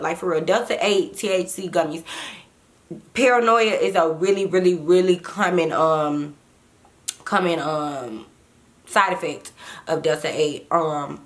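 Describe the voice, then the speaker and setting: A young woman talks her viewers through a story in a relaxed, chatty way, with a voice sitting a little low for a woman. She repeats herself and stops to read old text messages aloud. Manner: chatty, repeats words, reads texts aloud. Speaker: vlogger telling a story. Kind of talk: casual storytime chat.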